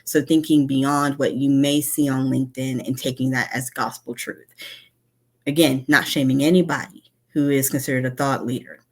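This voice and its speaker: A woman with a strikingly deep, low voice gives a conference talk from her home. She speaks candidly and conversationally, weaving personal stories into advice for her listeners. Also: fairly even intonation, normal speed, a little mellow. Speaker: conference speaker, instructional designer.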